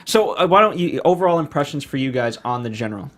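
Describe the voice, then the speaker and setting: A man hosting a casual podcast chat with brisk, upbeat patter. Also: mid-range voice, lively intonation. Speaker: show host.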